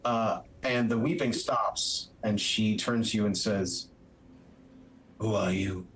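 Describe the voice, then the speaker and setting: A man's voice: fairly low pitch, steady tone, unhurried, fairly bright tone, soft background music, low-quality recording. A man running a streamed tabletop game as its game master, talking upbeat and chatty with plenty of filler words.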